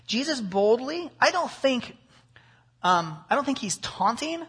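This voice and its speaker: Husky-voiced man preaching with rhetorical questions. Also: extremely high pitch, measured pace. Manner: animated, with rhetorical questions and asides. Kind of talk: expository sermon.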